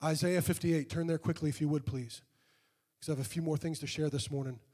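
Man, pastor, fervent sermon, raised pitch, long hall reverb. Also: steady tone, breathy edge. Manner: fervent preaching that swells into loud, drawn-out prayer.

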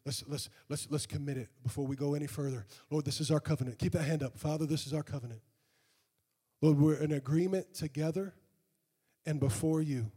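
A man preaching a sermon, reading scripture and praying with fervor that swells into loud, drawn-out calls. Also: a little high, slightly rough, long reverb tail. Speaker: pastor.

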